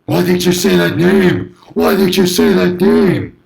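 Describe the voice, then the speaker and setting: A man shouting as a gravelly, enraged superhero. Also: high voice, little pitch movement, measured pace, pitched above the performer's own voice, exaggerated voice, low-quality recording. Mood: screaming. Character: enraged male superhero screaming in anguish.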